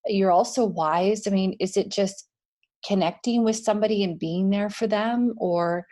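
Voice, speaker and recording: A woman hosting a podcast, asking soft, searching questions with many fillers. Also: mid-range voice, normal speed. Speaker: podcast host. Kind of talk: conversational podcast interview.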